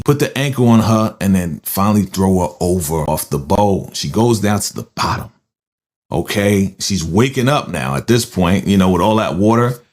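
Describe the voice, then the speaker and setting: Man, lowish voice, casual movie recap host, animated storyteller, keeps checking in with the listener. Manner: animated storytelling, frequent "right?" tag questions.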